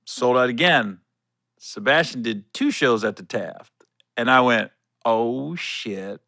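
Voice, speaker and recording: Middle-aged guy on his solo podcast, bright punchy voice, dry close mic, acts out the quotes. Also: medium pitch, measured pace, no room sound. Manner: animated storyteller, acting out quotes, swearing. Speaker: podcast host.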